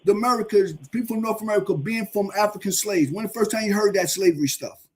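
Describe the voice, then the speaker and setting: Insistent high-voiced man in his fifties. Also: fast talker, slightly rough. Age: 50s. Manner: insistent, repeats questions. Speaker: panelist. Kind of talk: pressing questions in debate.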